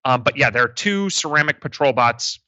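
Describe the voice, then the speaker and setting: Bright-voiced game master narrating. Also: male voice, medium pitch, animated, brisk, no echo, poor audio. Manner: casual, many fillers and restarts.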